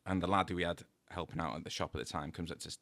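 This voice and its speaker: A middle-aged man with a low voice and vocal fry talks at a racing pace as a podcast guest, a tattoo artist trading casual anecdotes. A lively storyteller, he acts out the dialogue and laughs often, recorded dry.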